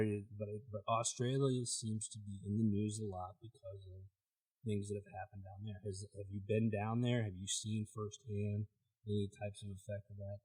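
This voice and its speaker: A man's voice: on the low side, darkish tone, slightly rough. A man hosting a casual interview, asking questions with frequent restarts and eager reactions. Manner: stammering, enthusiastic questioner. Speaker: podcast host.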